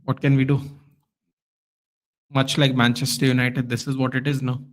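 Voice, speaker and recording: A man hosting a live football watchalong stream, chatting casually and reacting loudly to the play with lots of slang. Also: mid-range voice, little pitch movement, normal speed.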